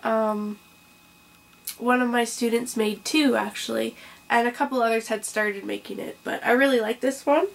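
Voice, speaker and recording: A woman's voice: a little high, fairly even intonation, moderate pace, vocal fry. A young woman hosting a casual crochet vlog. She rambles with lots of ums and restarts, a little under the weather with hiccups. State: has hiccups and a cough, taking it slow. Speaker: crochet podcast host.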